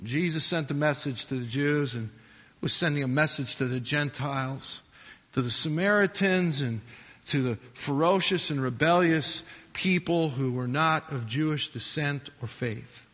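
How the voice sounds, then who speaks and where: High voiced preacher man, sharp tone, long echo in a church, loud then soft. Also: unhurried. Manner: emphatic, rises and falls between loud declaiming and quiet asides. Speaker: pastor. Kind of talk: sermon. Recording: long hall reverb.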